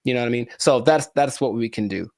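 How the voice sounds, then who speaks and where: A male podcast co-host who chats in a joking, rambling way and keeps slipping into animated asides. His voice sits at an ordinary pitch. It is recorded close and dry, with no room sound. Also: fast, no room sound. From California. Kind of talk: casual podcast chat.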